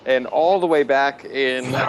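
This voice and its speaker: A man's voice: mid-range voice, unhurried, a crowd in the background. A man hosting a casual podcast, rambling with many fillers and frequent laughs. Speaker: podcast host.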